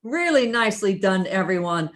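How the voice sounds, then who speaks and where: A woman hosting a theater show, giving closing thanks and announcements in a halting, filler-heavy way. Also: medium pitch, animated, heavy background noise. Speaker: theater host.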